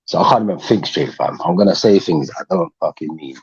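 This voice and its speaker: A man's voice: deep voice, expressive, a little fast. A man calling into a live panel, frustrated and defensive, cutting in to make his point. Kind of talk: heated live panel argument. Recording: dull lo-fi call line with faint hiss.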